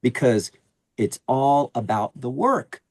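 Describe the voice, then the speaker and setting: A man's voice: medium pitch, slow, no echo. A middle-aged man talking on a podcast, spinning stories with slangy street talk and plenty of energy. His voice sits in a middle register and is recorded dry and close, with no room sound around it. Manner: animated storyteller using slangy street talk. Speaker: HVAC sales advisor, podcast guest. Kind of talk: casual podcast conversation.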